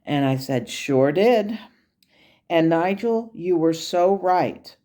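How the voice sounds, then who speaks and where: Woman host, low and warm, candid conversational storyteller recounting a meditation. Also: lively intonation, slow pace.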